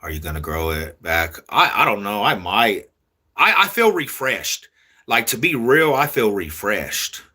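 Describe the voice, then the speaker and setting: A young man talking casually to his viewers in street slang, repeating himself in a loose, drawn-out way. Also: fairly low pitch, big pitch swings, bright, forceful tone, slightly rough. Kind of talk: casual street talk to camera.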